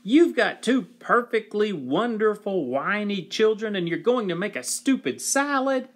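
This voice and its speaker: A man putting on a greedy monster neighbor from a storybook who cannot wait to eat, his voice pitched up high and loud. He talks slowly and pushes hard, as if he has been hungry all week. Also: fairly even intonation. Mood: eager. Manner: eager, pushy, raised voice.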